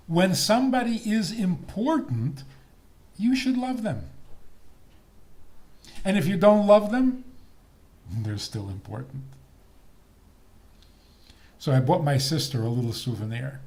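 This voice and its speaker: An older man, a rabbi, giving a talk on faith and marriage in a teasing, deliberate manner. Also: sits high. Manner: lively, teasing, slow deliberate delivery with laughs.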